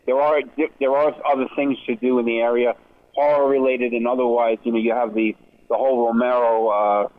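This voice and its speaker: A man's voice: medium pitch, flat delivery, brisk. A man calling in as a guest on a podcast, speaking in an earnest, rambling way and often running into others' lines. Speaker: event organizer, guest. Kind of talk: casual podcast conversation. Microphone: phone or call audio. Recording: tinny phone line.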